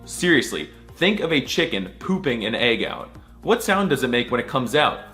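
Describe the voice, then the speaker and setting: Goofy man with a lively voice. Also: mid-range voice, soft background music. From United States. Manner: goofy, crude, mock-outraged, drawn-out letter sounds. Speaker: comedic language explainer. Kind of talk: comedic scripted voice-over.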